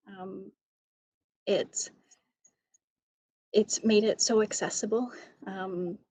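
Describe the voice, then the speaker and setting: A woman author and educator answering interview questions in a measured way, with many ums. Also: mid-range voice, darkish tone, slightly rough, dry recording, low-quality recording.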